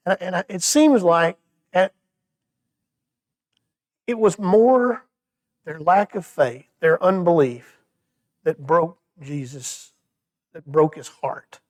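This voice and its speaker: A man with a notably high voice teaches a Bible study in church. He speaks conversationally, often restarting his sentences with little stammers, and his voice sinks quiet when he turns thoughtful. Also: expressive, slow pace, long pauses.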